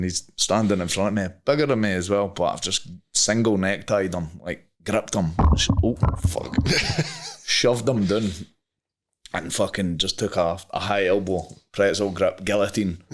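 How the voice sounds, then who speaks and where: A young Scottish man, a podcast guest, telling a rambling story casually, swearing freely and using many fillers. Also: on the low side. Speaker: guest, MMA fighter.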